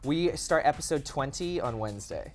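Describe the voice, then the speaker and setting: A man's voice: fairly high pitch, animated, normal speed, soft background music. A young man, an actor guest in a casual interview, telling stories in a chatty way with lots of "like" and acted-out quotes. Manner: chatty, heavy use of "like", acts out quotes.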